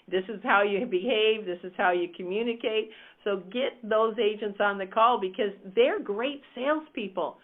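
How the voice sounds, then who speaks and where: Upbeat woman coach on a tinny phone line. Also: mid-range voice. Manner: emphatic, upbeat, direct. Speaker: real estate team coach. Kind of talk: teaching a coaching call.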